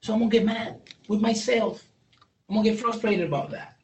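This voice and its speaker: A man whose voice sits high, with fairly even intonation, a darkish tone, and a fairly quick pace, gives a candid, joking training talk on brain injury to a live police audience. He often restarts and stumbles. The recording is roomy, with a distant mic and faint noise.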